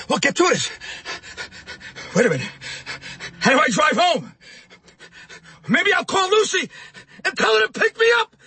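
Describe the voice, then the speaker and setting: A man playing a panicky, germ-terrified New Yorker in a comedy parody, rambling and swinging between panic and self-calming. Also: very high voice, no echo, exaggerated voice. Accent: New York.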